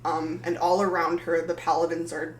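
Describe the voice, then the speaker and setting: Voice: medium pitch, level tone, moderate pace, roomy sound, a little hiss or hum, rough recording. A game master narrating a tabletop game in a loose, rambling way full of fillers.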